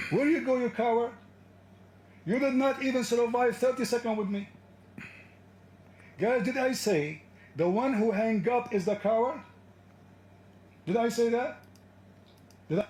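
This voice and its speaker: Mocking, combative high-voiced man. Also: unhurried, long pauses, darkish tone, roomy sound. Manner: mocking and combative, taunts and laughs at caller. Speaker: debate livestream host. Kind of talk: heated live call-in debate.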